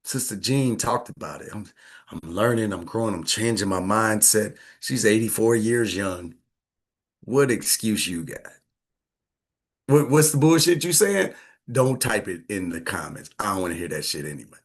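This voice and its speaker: A man talks to his audience in a lively, bouncing voice that climbs high and drops low. He is blunt and preachy, swears freely and laughs often, and keeps falling back to a hushed tone. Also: moderate pace. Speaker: host. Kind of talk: casual live-stream talk.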